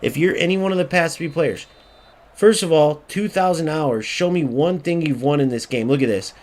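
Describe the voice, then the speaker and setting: A man's voice: fairly high pitch, moderate pace, darkish tone. A man giving ranting gameplay commentary, angry and profane, repeating himself and mocking other players. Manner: mocking voice when quoting others. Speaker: gaming YouTuber.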